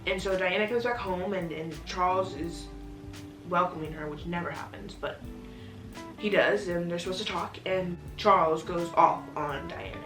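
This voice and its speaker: A young woman chatting excitedly as she reviews a TV series, in a gushing, rambling way. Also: on the low side, normal speed. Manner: gushing, chatty, restarts often. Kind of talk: casual chat. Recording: echoey room from a distance, music behind.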